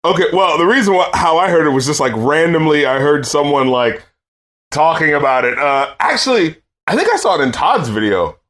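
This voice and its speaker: High, lively young man chatting. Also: brisk. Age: young adult. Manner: animated, laughing, trails off and restarts often. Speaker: podcast co-host. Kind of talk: casual chat.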